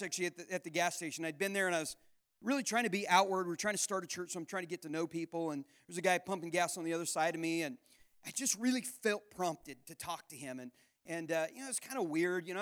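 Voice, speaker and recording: A male pastor with a notably high-pitched voice, preaching in a conversational, earnest manner. He stumbles into repeated words and restarts as he tells a personal story to his congregation. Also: fairly bright tone. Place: church camp gathering.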